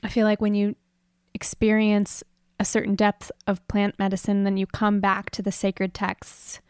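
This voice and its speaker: A woman's voice: mid-range voice, completely flat delivery, normal speed, a little mellow, clean tone, no echo, studio quality. A woman guest on a podcast, talking in a reflective, spiritual way with casual slang. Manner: reflective, spiritual, says "man". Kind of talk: casual conversation.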